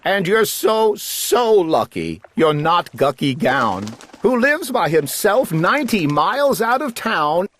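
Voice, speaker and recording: A man's voice: high-pitched, big pitch swings, slow, hardly any pauses, a bit bright. A man reading a rhyming children's book aloud in a playful, sing-song storytelling manner. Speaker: storybook reader.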